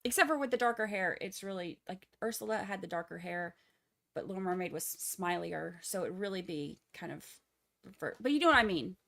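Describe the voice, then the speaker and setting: Her voice is lowish and a bit bright, animated and brisk with some vocal fry. She speaks with a Texas accent, offering casual trial commentary on a live stream, full of jokes aimed at her viewers.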